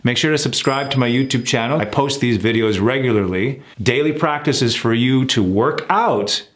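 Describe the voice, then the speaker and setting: A man's voice: medium pitch, normal speed. A man teaching pronunciation, exaggerating his sounds as he drills words and encourages viewers. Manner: encouraging, direct address to viewers. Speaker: accent coach. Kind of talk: pronunciation lesson.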